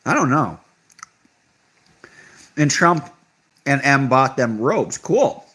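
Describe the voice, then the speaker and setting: A man's voice: mid-range voice, sing-song, slow pace, fairly bright tone. Young guy livestreaming, sarcastic and offhand, voice bouncing all over. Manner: offhand, sarcastic, reacts to chat comments. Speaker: livestream host reading chat. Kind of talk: casual livestream chat.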